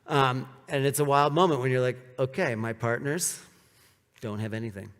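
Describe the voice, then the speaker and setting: A man's voice: mid-range voice, normal speed, fairly bright tone. A man giving a live storytelling talk to an audience. He speaks casually, with lots of "like" fillers, and acts out the quoted dialogue. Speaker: presenter at a speaker series. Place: event venue with audience. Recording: long reverb of a large hall.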